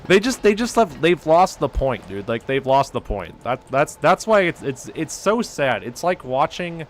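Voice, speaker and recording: A man's voice: fairly high pitch, very animated, normal speed, a little hiss or hum. A man streaming a game, ranting casually and profanely, filling his talk with "like". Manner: profane, ranting, heavy use of "like". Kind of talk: casual gaming stream rant.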